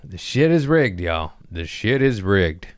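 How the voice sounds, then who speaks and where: A man hosting a casual comedy podcast, talking in a rambling, profane, excitable way. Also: on the low side, measured pace, clean tone, dry recording.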